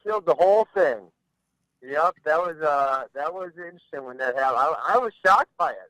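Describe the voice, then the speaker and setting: A man's voice: on the high side, expressive, brisk, sharp tone, dry recording, poor audio. A man talking bluntly as a podcast guest, rambling and restarting his sentences in casual chat. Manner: blunt, rambling, repeats words when starting.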